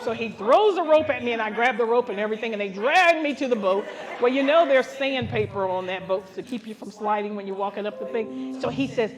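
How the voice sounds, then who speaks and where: A woman pastor telling comic stories to a live gathering, animated and jumping into high voices for the people she quotes. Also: brisk. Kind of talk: comic storytelling to a live audience. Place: women's gathering with a laughing audience. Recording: live event with audience laughter.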